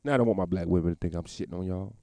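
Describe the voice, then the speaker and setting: A man's voice: low-pitched, very fast, warm tone, no room sound. A man hosting a solo podcast, ranting crudely and mockingly and laughing at his own jokes. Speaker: podcast host. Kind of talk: solo comedic rant.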